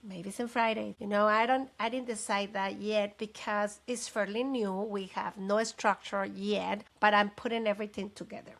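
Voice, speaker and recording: Woman host, middle-aged, rambling live chat, gravelly fry in the voice. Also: medium pitch, moderate pace, few pauses. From Mexico. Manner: chatty, rambling, animated with asides. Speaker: podcast host and business consultant. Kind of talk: casual live talk to camera.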